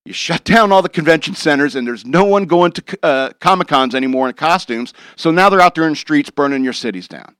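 A man's voice: on the high side, animated, a little fast, few pauses, a bit bright, smooth, dry recording, studio quality. A man rambling through a wry, jokey monologue as a show host, chuckling now and then.

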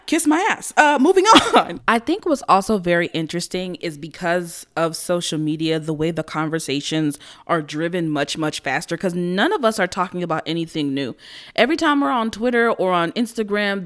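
A young American woman telling a personal story in a blunt, profane, animated way, laughing often. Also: medium pitch. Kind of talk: candid storytelling.

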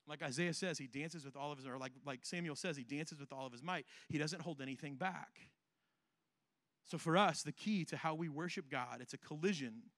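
A man's voice: fairly high pitch, fairly bright tone, no room sound. A male pastor preaching a sermon in a conversational, humorous way, reading scripture and often checking in with his listeners.

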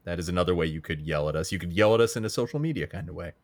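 A man's voice: sits low, rapid-fire. A man co-hosting a podcast in casual chat, joking around and laughing often. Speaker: podcast co-host.

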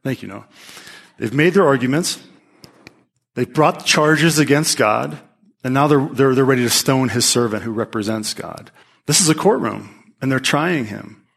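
A pastor teaching his congregation preaches in a lively way, with animated emphasis and frequent restarts of his phrases. His voice is an ordinary mid-pitched male voice with vocal fry, at a moderate pace.

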